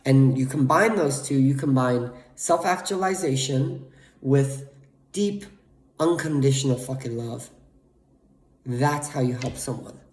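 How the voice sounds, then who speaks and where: A man's voice: medium pitch, measured pace, darkish tone, echoey room. A young man speaking candidly and emotionally to camera in a confessional monologue, blunt and full of swearing. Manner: candid, profane, emotionally raw. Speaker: vlogger.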